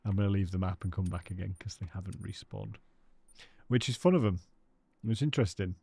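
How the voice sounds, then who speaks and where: Gravelly-voiced British man streaming a game. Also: deep voice, brisk, warm tone, no echo. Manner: chatty, thanks and greets viewers by name. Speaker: live streamer. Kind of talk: live gameplay commentary chatting with viewers.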